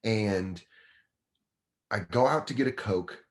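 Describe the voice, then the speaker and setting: A man's voice: on the low side, slow. A man, a guest comedian in his thirties, telling a casual, profane story and acting out other people's voices.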